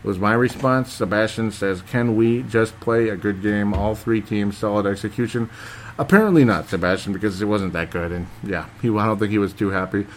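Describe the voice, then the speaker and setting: Male host, low-pitched, hesitant and chatty, reads fan comments, light background hiss. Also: normal speed. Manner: rambling, hesitant, with many fillers. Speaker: podcast host reading listener comments. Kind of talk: casual chat.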